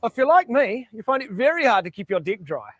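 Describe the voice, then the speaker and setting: A man with a New Zealand accent playing an earnest pitchman in a comedy commercial voice-over. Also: big pitch swings, brisk, crowd noise. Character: earnest male deck-sealant pitchman. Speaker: ad spokesman.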